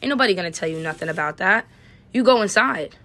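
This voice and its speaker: A woman talking alone into the mic in a heated, profane monologue, a mother speaking her mind. She keeps firing rhetorical questions and never softens her blunt words. Her voice sits at an ordinary middle pitch for a woman. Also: animated, quick pace. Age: adult parent. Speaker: podcast host. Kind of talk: ranting monologue.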